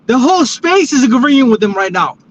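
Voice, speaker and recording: A man's voice: very high voice, sing-song, brisk, lo-fi sound. A man joining a casual livestream panel, speaking in a loose, apologetic way and repeating his phrases. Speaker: panel guest.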